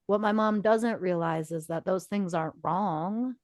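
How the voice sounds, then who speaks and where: A woman's voice: medium pitch, unhurried, darkish tone, no room sound. A woman in her forties co-hosts a casual podcast, recounting a personal story earnestly and slipping into the voices of the people she quotes. Her voice sits in an ordinary middle range, recorded close and dry with no room sound. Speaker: podcast co-host.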